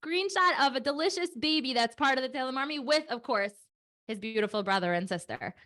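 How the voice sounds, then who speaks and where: A woman in her thirties, hosting a children's prayer program on a video call, chatty and animated with many fillers and asides. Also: high voice, a little fast. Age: 30s. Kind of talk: lively talk to kids on a video call.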